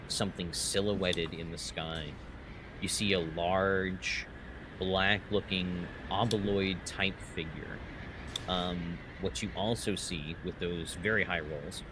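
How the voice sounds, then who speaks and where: A man running a tabletop game as game master, narrating scenes slowly with fillers. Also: low voice. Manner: slow descriptive narration with fillers. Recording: clear background noise.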